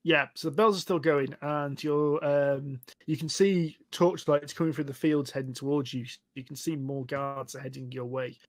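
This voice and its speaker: A man narrating as game master of a tabletop game over a voice call, relaxed and hesitant with fillers. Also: fairly high pitch, normal speed, hardly any pauses.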